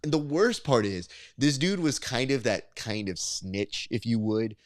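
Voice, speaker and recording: A man's voice: mid-range voice, measured pace, dry recording, clean studio sound. A man co-hosting a podcast, telling a story in casual chat and acting out the people he quotes. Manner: animated storytelling, acts out quotes. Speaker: podcast co-host.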